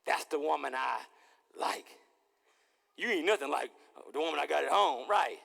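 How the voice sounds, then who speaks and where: A man preaching as pastor in a lively, playful sermon, acting out little scenes and repeating his words. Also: on the high side, normal speed, gravelly, big-room sound. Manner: animated, playful, repeats words, acts out dialogue. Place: church sanctuary.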